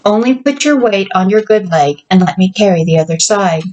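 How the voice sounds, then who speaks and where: A woman reading aloud, voicing a practical, feisty woman who is a mail carrier, in a brisk, matter-of-fact way. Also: mid-range voice, animated, a little mellow, soft background music, natural voice, poor audio. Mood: teasing, practical.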